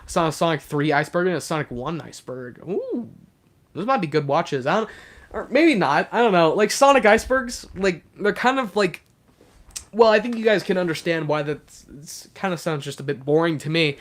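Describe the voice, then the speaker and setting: A man's voice: a little high, expressive, fairly quick. A young man hosting a casual livestream, rambling with lots of fillers as he talks to his chat. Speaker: livestream host.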